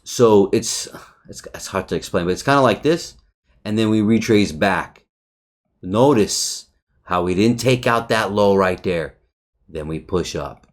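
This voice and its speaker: A man with a slightly low voice talks through a trading chart in a casual recap. He is loose and profane, often restarts his sentences, and keeps checking in with "right?". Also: lively intonation, a little slow. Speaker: trader reviewing a chart.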